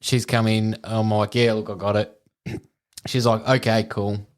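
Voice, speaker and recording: Casting: Australian man, lowish voice, crude storyteller, laughs often. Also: flat delivery, measured pace. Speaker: podcast co-host. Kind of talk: casual storytelling.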